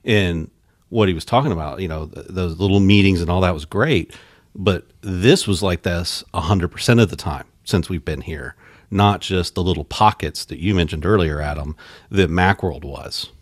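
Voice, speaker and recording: A man's voice: sits low, moderate pace, no room sound, studio quality. A man chatting as a podcast guest, conversational with hesitant restarts. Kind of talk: casual podcast chat.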